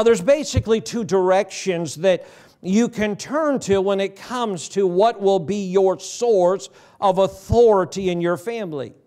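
A man's voice: sits high, a little mellow. A middle-aged man preaching a sermon as pastor, folksy and conversational, asking the congregation questions. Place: church sanctuary.

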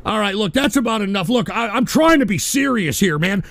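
A man from Texas, hosting a livestream talk show and ranting combatively about politics while shouting insults at trolls. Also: sits high, animated, a little fast. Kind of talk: angry political rant to live chat.

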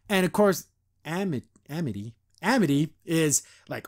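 A man's voice: a little high, animated. A young man hosting a podcast, reviewing a cartoon episode in casual, chatty commentary and mimicking the characters as he goes. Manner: chatty, quotes characters in quick voices, frequent laughs.

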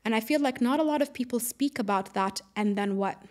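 A woman in her late twenties or thirties talks in a relaxed interview. She sounds upbeat and laughs often. When she acts out what other people said, her voice shifts for each of them. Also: a little high, fairly quick. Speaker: podcast guest, air traffic controller. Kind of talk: casual interview chat.

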